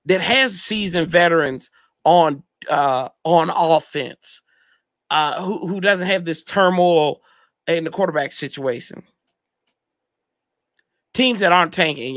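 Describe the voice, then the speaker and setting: Bright and forceful, this man's voice sits fairly high as he hosts a casual sports fan livestream. His talk is a slangy ramble, broken up by reading viewers' chat comments aloud and replying. The close mic picks up no room sound at all.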